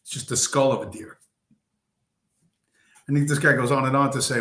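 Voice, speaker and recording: A man's voice: mid-range voice, flat delivery, normal speed, long pauses, a bit bright. Roomy, rambling man ranting on stream. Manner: rambling, profane storytelling with many fillers. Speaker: live-stream host. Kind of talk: casual live-stream monologue. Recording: roomy echo.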